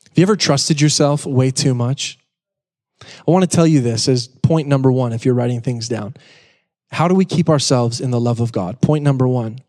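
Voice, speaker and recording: A man's voice: medium pitch, a little mellow. Joking, conversational male pastor in a reverberant hall. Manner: conversational, joking asides, emphatic repetition. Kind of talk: sermon. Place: church sanctuary.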